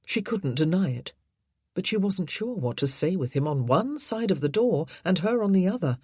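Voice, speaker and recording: A woman narrating an audiobook, measured and expressive in her storytelling. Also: fairly low pitch, breathy edge, no room sound, clean studio sound. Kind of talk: scripted narration.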